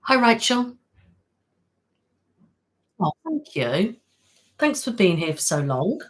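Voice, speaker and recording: A woman's voice: mid-range voice, sing-song, slow, husky, poor audio. A woman hosting an ASMR live stream, chatting casually and thanking viewers by name. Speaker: ASMR channel host. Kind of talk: casual live-stream chat reading comments. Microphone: studio mic.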